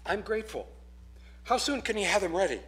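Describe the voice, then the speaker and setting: A man's voice: high-pitched, sing-song, fairly quick, fairly bright tone, pitched above the performer's own voice. A man voicing a polite young widow who earnestly asks for a favor, reading a story aloud. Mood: earnest pleading.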